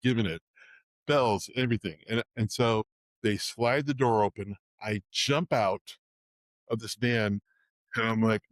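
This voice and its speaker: Halting, heartfelt middle-aged man. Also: fairly low pitch, no echo. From Bay Area, California. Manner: halting, emotional, many restarts. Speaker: Santa performer, host. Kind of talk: casual fireside chat.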